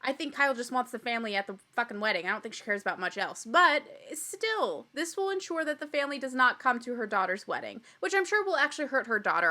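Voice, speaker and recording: Bright high-voiced, opinionated woman podcaster. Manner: opinionated, blunt and profane; mimics people she quotes. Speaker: podcast host. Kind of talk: reality TV recap podcast.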